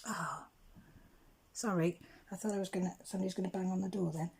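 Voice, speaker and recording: A middle-aged English woman telling a rambling home story while crafting, clearing her throat now and then. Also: fairly low pitch, steady tone, fast talker, darkish tone. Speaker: crafting channel host.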